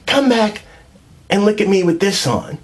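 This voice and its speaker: A man voicing a pushy, bubbly young girlfriend who coaxes insistently in a high, wheedling tone. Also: lively intonation, a little slow. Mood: gushing.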